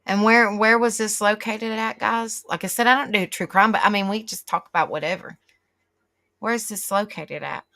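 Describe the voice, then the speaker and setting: Reading her chat and reacting aloud, a middle-aged woman rambles through a casual live stream with viewers. She speaks at a moderate pace in a mid-range voice whose tone is steady, bright, and forceful.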